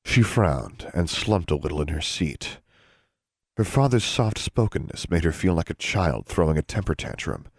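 A man reading a novel aloud as narrator, in an even, unhurried storytelling manner. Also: low voice, no room sound, clean studio sound. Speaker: audiobook narrator. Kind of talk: scripted narration.

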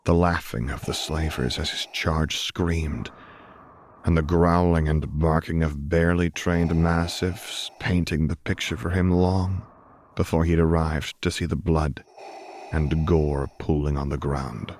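Male audiobook reader, calm and measured, very deep voice, faint hiss in the recording. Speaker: narrator. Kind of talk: audiobook reading of fan fiction.

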